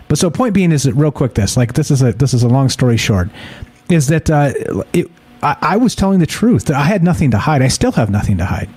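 Mellow rambling man, profane and casual. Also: a little high, lively intonation, fairly quick, slightly rough. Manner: rambling and profane, lots of restarts. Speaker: podcast co-host. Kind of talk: casual radio show chat.

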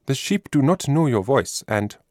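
Storybook shepherd boy, earnest and firm, pitched high and lively, as a man reads him. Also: moderate pace, no echo, clean studio sound, close to an everyday voice.

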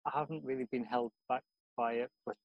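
A man's voice: medium pitch, steady tone, brisk, dry recording, phone-quality sound. Chatty man with a dry sound. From Middlesbrough, England. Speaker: podcast guest, community reporter. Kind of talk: casual podcast chat.

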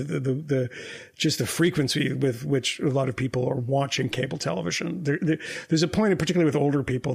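A man's voice: on the high side, vocal fry, husky. A man co-hosting a podcast, ranting in a heated and profane way and throwing in mocking quoted voices. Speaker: podcast co-host. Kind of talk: heated political podcast rant.

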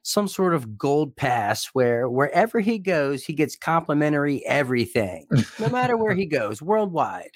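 A man's voice: on the high side, very animated, normal speed, hardly any pauses, no room sound, clean studio sound. A young man co-hosting a podcast, talking earnestly and emotionally, swearing casually. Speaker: podcast co-host.

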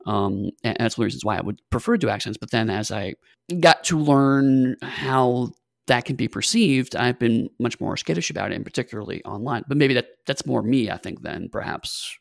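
A man's voice: medium pitch, a little fast, vocal fry, no echo, studio quality. A man co-hosting a podcast, talking in a reflective, hesitant way with many fillers. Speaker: podcast co-host, game master. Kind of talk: casual chat.

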